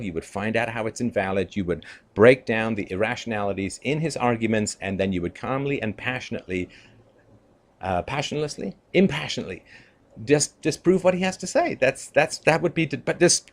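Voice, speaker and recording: A man with a mid-range voice delivers an opinion commentary monologue to his viewers. He talks in an emphatic, conversational way, dotting his points with "you know" and "right?" and letting out short chuckles. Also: mid-range voice. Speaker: political commentator.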